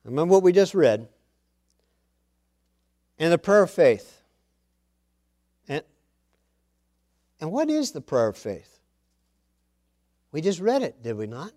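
A man preaching a sermon, reading scripture aloud and swelling louder on the quoted words. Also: fairly high pitch, big pitch swings, takes it slowly, long pauses.

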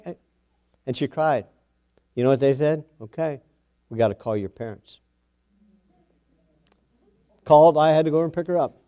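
On a muffled recording, a middle-aged preacher with a warm, slightly high voice speaks at a moderate pace, pausing often. He relates a homespun family story in a folksy manner, repeating phrases to stress them.

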